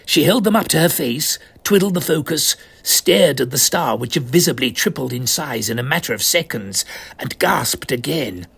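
A man with an English accent narrating a comic story as a pompous elderly gentleman adventurer who uses posh, old-fashioned slang. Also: mid-range voice, lively intonation, moderate pace, vocal fry, husky. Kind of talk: comic first-person narration.

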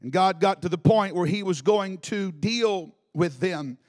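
A male preacher giving a live sermon in a church, moving from quiet teaching to shouted exhortation. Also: high voice, a little slow. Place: church in Alabama.

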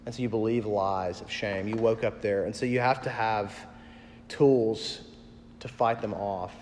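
A man preaching a sermon in a relaxed, conversational way, with lots of casual fillers. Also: on the low side, measured pace, long reverb tail, a little hiss or hum. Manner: conversational, uses many fillers. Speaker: pastor.

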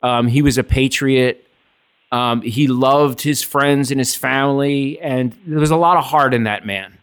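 A man's voice: a little slow, clean tone. A man in casual podcast talk, telling stories in a loose, swearing style. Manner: animated, swearing, acts out voices with big pitch jumps. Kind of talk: casual storytelling chat.

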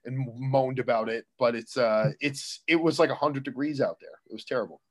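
A man, a professional wrestler, talking as an interview guest in an excitable, rambling way, restarting his sentences often. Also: medium pitch, brisk. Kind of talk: casual interview chat.

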